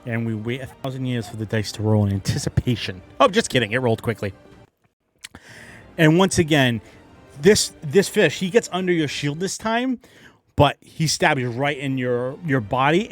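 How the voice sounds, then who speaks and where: A man's voice: medium pitch, animated, normal speed, soft background music. A man narrating a tabletop game as game master, playful and dramatic with some self-mocking asides.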